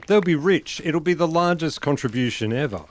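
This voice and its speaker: A man's voice: a little high, lively intonation, moderate pace. A man chatting casually and joking with viewers as he plays a game on a live stream, often laughing at his own jokes. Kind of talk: casual live-stream commentary while playing.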